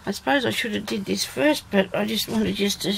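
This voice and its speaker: A woman's voice: medium pitch, brisk, creaky. A middle-aged woman chatting to her viewers as she opens a parcel, thinking aloud and exclaiming as she goes. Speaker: video blogger opening a parcel. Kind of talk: casual unboxing chat. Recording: noisy home recording.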